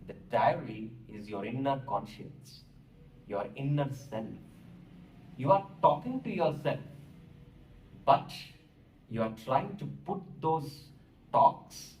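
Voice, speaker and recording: A male teacher with an Indian English accent lectures at a very slow, deliberate pace, spelling words out letter by letter as he explains. His voice sits back from the mic in a roomy, echoing space, with a faint hiss underneath. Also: mid-range voice, a little mellow, distant mic. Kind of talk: classroom lecture.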